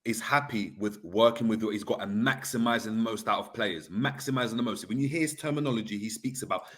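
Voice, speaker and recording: A man debating football as a fan pundit, measured and explanatory as he builds an argument. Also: lowish voice, a bit bright.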